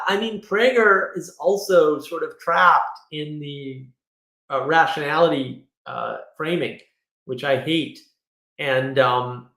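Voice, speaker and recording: A man's voice: fairly high pitch, a bit bright. Opinionated rambling man, roomy sound. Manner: opinionated, rambling, quick asides. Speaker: livestream host. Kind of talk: casual livestream monologue. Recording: roomy echo.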